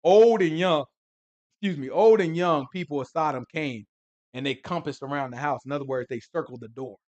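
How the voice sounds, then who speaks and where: Animated high-voiced man teaching scripture. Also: fairly quick. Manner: animated, acts out scenes, conversational slang. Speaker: Bible teacher. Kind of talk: casual Bible lesson.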